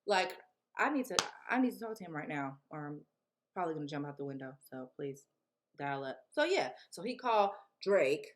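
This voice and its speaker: A young woman vlogger telling a casual storytime tale, animated and laughing often as she acts out the people in it. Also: deep voice, a little fast.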